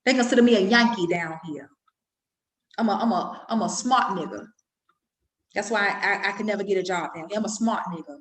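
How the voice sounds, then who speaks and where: A woman's voice: medium pitch, fairly bright tone. Ranting middle-aged woman, echoey room. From Washington, D.C. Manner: profane, ranting, repetitive and emphatic. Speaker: mother vlogging. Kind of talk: impassioned monologue to camera.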